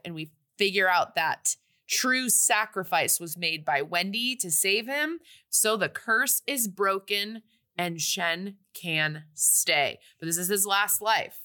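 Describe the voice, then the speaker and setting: A young woman recapping a film for her podcast, her voice bright and clear-edged. She talks in a loose, rambling way, stringing events together with plenty of fillers. Her pitch sits in an ordinary middle range. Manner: rambling, filler-heavy retelling. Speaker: podcast co-host. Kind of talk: casual movie recap chat.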